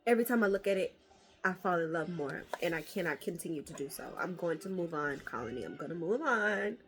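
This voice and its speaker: A woman casually opening trading card packs on camera, excitable and profane, swinging between hushed murmurs and loud squeals. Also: lowish voice, fairly quick, faint music behind. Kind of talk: casual unboxing vlog.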